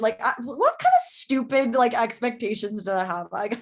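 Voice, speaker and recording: A woman's voice: fairly high pitch, big pitch swings, moderate pace. A young woman from Canada, chatting casually as a podcast guest, with lots of fillers and acted-out quotes.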